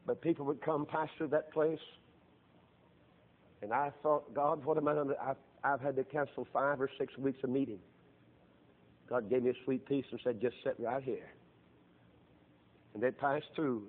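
A man's voice: medium pitch, fairly even intonation. Tinny-sounding fervent middle-aged preacher man. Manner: fervent preaching that swells into loud, drawn-out emphasis. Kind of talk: sermon.

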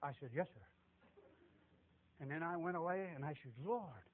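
A man preaching a folksy, emphatic sermon in a church, swinging between shouts and hushed tones. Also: on the high side, normal speed, pauses often. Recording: tinny phone-like recording.

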